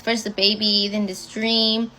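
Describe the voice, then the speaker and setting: A young woman casually telling a personal story, blunt and swearing often as she rushes through the retelling. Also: mid-range voice, level tone, pushed and bright, slight background noise, rough recording.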